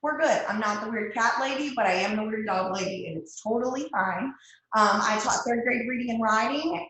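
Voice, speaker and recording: A woman's voice: a little high, normal speed, pushed and bright. Texan lady giving a pep talk, chatty, says stuff twice or three times, really echoey room. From Texas. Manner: chatty, repeats phrases for emphasis. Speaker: guest host. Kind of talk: motivational talk to a team.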